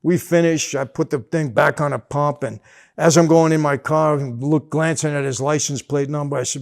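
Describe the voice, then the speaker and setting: An older man tells a personal anecdote with a slightly high, gravelly voice. He talks casually and keeps acting out both sides of the conversation as he goes. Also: normal speed. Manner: animated storytelling with quoted dialogue. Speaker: storyteller.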